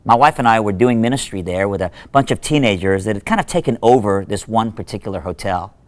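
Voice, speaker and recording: A man, a minister, giving a short devotional talk in an animated, conversational storytelling manner with lively asides. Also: lowish voice, quick pace. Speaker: minister and speaker.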